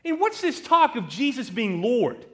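A man's voice: medium pitch, sing-song, unhurried. A man voicing a pagan Roman mother and father who scold their son for turning Christian. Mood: alarmed. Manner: scolding, urgent. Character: alarmed pagan Roman parents, stern and fearful.

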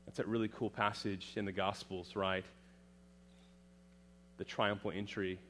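A man preaching a sermon, asking the congregation questions and swinging from quiet low lines to loud emphatic proclamations. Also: level tone, measured pace, a little hiss or hum. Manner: dramatic, rising to loud emphatic proclamations then dropping low; asks the congregation questions and answers them.

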